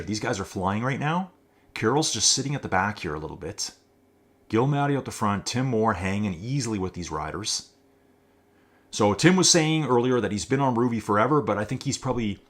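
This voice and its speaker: A man with a lowish voice hosts a live stream, calling a virtual cycling race in an upbeat, chatty way. He keeps talking to his viewers as folks. He reads rider names and chat messages aloud on the fly. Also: a bit bright. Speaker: race commentator and channel host.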